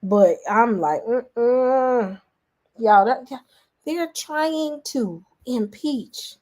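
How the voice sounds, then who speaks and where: Animated woman reacting to news. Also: on the high side, very slow. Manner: animated, exclaiming, addresses viewers as y'all. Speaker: commentary vlogger. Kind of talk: reaction commentary.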